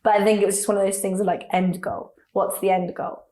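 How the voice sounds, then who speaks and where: A young woman, a radio presenter, chats through personal stories in a lively, laughing way, slipping into quoted voices. Her voice sits at an ordinary pitch. The room around her rings with an echo. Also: fast talker. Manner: chatty, laughing, animated storytelling with acted quotes. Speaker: radio presenter, interview guest. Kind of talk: casual interview chat. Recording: echoey room.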